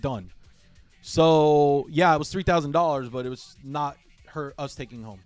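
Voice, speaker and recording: A middle-aged man chatting on a game livestream in a slightly raised voice. He talks in a halting, heartfelt way and often repeats himself. The sound is dry and close, with faint music underneath. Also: a little high, dry recording. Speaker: livestream gamer host. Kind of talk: casual livestream chat.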